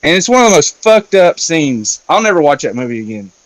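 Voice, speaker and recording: A man relaxed in conversation, retelling a film scene by scene with plenty of fillers and casual swearing. His voice sits on the high side, and the recording is dry and close. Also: fairly quick, no echo. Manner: loose and chatty, with frequent fillers and swearing. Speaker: round-table discussion guest.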